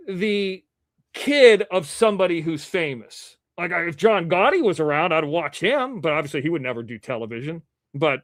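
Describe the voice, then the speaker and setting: A man hosting his own live-stream news show, rambling casually between topics, irreverent and quick to curse when annoyed. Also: sits high, fairly bright tone, no room sound, studio quality. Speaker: livestream show host.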